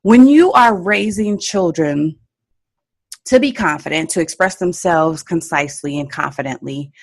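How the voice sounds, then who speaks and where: A woman's voice: on the low side, measured pace. A woman hosting a parenting podcast, giving emphatic coaching advice and checking in with "okay?" often. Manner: emphatic, repeats key points with frequent "okay?" check-ins.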